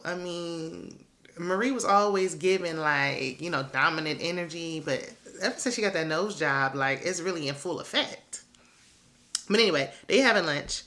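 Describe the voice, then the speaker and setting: A woman's voice: mid-range voice, a bit bright. A woman recapping a reality show in a casual, gossipy way, with sassy asides and frequent laughter. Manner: sassy, chatty, laughs often.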